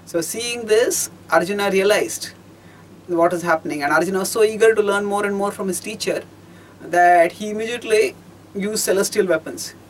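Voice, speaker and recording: High-voiced man telling a scripture story. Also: slight background noise, rough recording. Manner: measured, explanatory, pausing and rephrasing. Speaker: teacher of scripture. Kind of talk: storytelling lecture.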